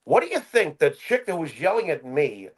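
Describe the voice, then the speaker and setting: A man co-hosting a podcast, chatting casually and acting out quotes as he tells animated stories. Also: fairly high pitch, moderate pace, husky. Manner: animated storytelling, acts out quotes with laughs. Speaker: podcast co-host. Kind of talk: casual chat.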